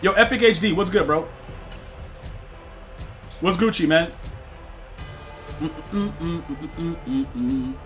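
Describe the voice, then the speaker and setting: A young man streaming a football video game live, chatting with his viewers, excitable and slangy, often repeating himself. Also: sits high, unhurried, pauses often, soft background music.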